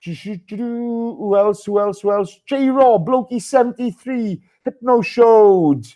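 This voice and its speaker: Man, podcast host, chatty, higher voice, mellow tone. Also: slow pace, low-quality recording. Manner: chatty, greets listeners by name. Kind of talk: casual live podcast chat.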